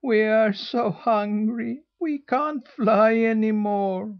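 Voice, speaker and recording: A man voicing a flock of young goslings who wail plaintively in drawn-out cries. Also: high voice, muffled recording, pitched above the performer's own voice.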